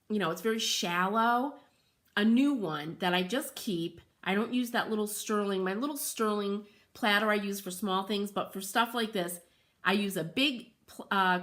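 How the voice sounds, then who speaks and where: A woman hosting a craft livestream from home, chatting casually and reading viewer comments aloud, greeting people by name with sudden excited exclamations. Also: mid-range voice.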